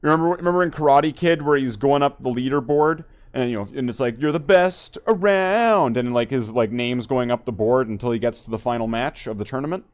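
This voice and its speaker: A man's voice: medium pitch, fast, hardly any pauses, clean tone. A man hosting a podcast in casual chat, rambling and joking, swearing freely. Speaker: podcast host.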